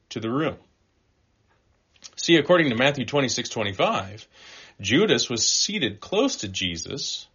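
A man preaching a sermon, animated, swinging between loud emphatic phrases and quiet, slowed lines. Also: medium pitch. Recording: dull, lo-fi sound.

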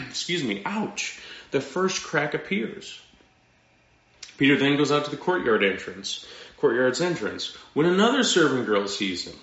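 A man preaching a sermon as pastor, in a slow, dramatic delivery with pauses and sudden drops to quiet. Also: mid-range voice, very animated. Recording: echoey room, dull lo-fi sound.

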